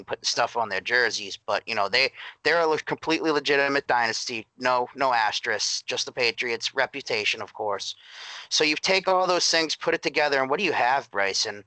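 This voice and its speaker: Bright-voiced man making his case on a podcast. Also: medium pitch, no room sound, low-quality recording. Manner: building an argument with rhetorical questions. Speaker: podcast co-host. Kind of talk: casual sports podcast chat.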